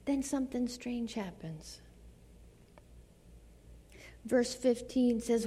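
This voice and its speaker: A woman preaching a sermon to a church. She delivers it dramatically, dropping to soft near-whispers and then rising to fervent exclamations. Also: fairly high pitch, lively intonation, slow pace, long pauses, breathy edge. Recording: long reverb of a large hall.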